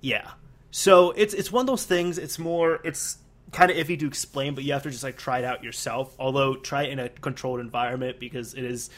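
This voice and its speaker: A young man in casual chat, an animated storyteller who laughs often and uses many fillers. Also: mid-range voice, brisk.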